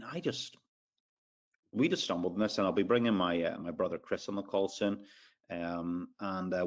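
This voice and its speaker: A low-voiced man with an Irish accent hosts a live sales webinar. He chats along loosely, fills gaps with ums and uhs, and greets listeners by name. The audio sounds dull and lo-fi. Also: a little mellow. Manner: chatty, filler-heavy, reads out audience names. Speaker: webinar host.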